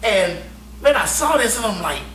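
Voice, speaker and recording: A man casually telling a navy story, animated and profane and laughing often. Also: sits high, normal speed. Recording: roomy echo, distant mic, faint hum.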